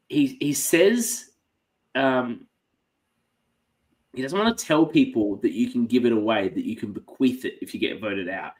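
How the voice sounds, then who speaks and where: A man co-hosting a podcast, chatting casually through a reality show recap, swearing freely and restarting his sentences. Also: mid-range voice. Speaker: podcast co-host.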